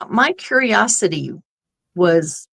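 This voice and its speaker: A woman's voice: fairly low pitch, very animated, slow, creaky, a bit bright, slightly rough. A woman guest on an interview show, telling a personal story in an earnest, rambling way. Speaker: guest medium.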